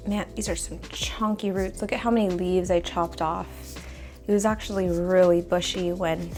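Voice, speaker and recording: A young woman's medium-pitched, slightly mellow voice carries her casual home vlog as she repots plants, captured on a phone sitting nearby. She rambles and muses aloud with lots of fillers, occasionally coughing because of the dust.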